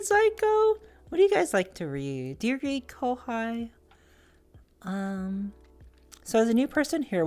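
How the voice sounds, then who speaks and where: A woman streamer chatting casually with her viewers, bubbly, swinging between soft murmurs and high squeals. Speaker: live streamer.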